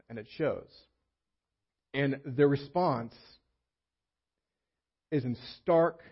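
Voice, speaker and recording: A man preaching in an easy, conversational way, often acting out what people in the story might say. His voice is slightly husky and sits at a middle pitch. The recording is muffled and lo-fi. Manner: conversational, acts out quoted voices. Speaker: pastor. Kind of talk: sermon. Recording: muffled lo-fi sermon audio.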